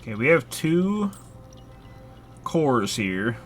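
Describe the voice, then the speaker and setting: A man's voice: mid-range voice, sing-song, slow, soft background music. A man casually chatting while he streams a horror game live, rambling with lots of filler words and casual swearing. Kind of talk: casual live gameplay chat.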